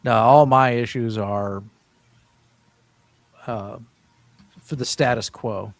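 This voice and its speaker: A man's voice: medium pitch, slow, no room sound. A man in his fifties, a guest in an interview, telling his story in an earnest, rambling way with many restarts. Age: 50s. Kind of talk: casual interview talk.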